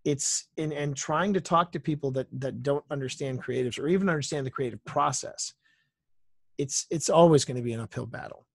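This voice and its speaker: A male guest on an interview podcast, an author and entertainer, tells workplace anecdotes casually, often repeating phrases for emphasis. He has a mid-range voice with vocal fry and speaks a little fast, in a studio-quality recording with no echo.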